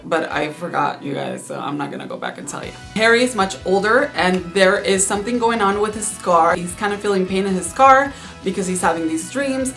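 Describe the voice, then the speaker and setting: A woman's voice: mid-range voice, a bit bright. A young woman with a Cuban accent, hosting a casual book review vlog and chatting eagerly to her viewers. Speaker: book reviewer, channel host.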